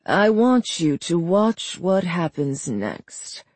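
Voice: medium pitch, sing-song, darkish tone, no room sound. A narrator voicing a frail, cruel old man who speaks mildly but with menace. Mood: menacing. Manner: slow, mild, menacing delivery. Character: frail old male villain, cruel and calm.

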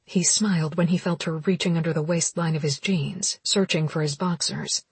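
A woman narrating a romance novel as an audiobook in steady, intimate storytelling. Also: low-pitched, normal speed, few pauses, husky, dry recording.

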